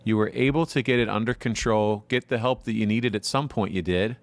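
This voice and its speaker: Guy hosting a podcast, warm and supportive, dry close sound. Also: lowish voice, fairly quick, no echo. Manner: warm, supportive, faith-inflected remarks. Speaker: podcast host. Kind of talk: interview hosting.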